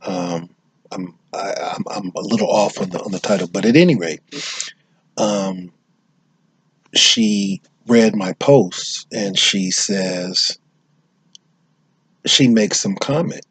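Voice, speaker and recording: A man's voice: sits low, slow pace, pauses often, fairly bright tone, breathy edge. An American man giving unscripted commentary on social issues, talking emphatically and often restarting and repeating his phrases. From United States.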